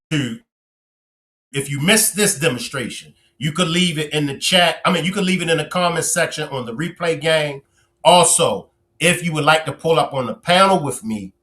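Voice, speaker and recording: A man hosting a casual livestream, reading and teasing viewers' comments in an animated way, stretching words for emphasis. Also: fairly high pitch. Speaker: livestream host.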